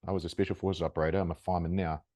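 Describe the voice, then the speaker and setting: A man's voice: low-pitched, level tone, rapid-fire, mellow, dry recording, clean studio sound. A man hosting a podcast interview, talking in a conversational, rambling way and praising his guest. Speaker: podcast host. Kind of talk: casual interview talk.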